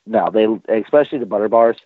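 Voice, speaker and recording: A man hosting a casual podcast, telling crude, animated military stories. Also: on the low side, fast talker, husky, dry recording. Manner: profane, animated anecdote telling. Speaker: podcast host, military veteran. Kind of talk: casual storytelling chat. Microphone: online call. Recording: dry, tinny phone-like call audio.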